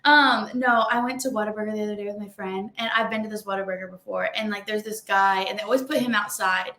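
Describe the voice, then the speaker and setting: A woman's voice: mid-range voice, steady tone, fast, bright, forceful tone, echoey room. A young woman, co-hosting a podcast and chatting bluntly, full of "like". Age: young adult. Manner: chatty, blunt storytelling with lots of "like". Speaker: podcast co-host. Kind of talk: casual chat.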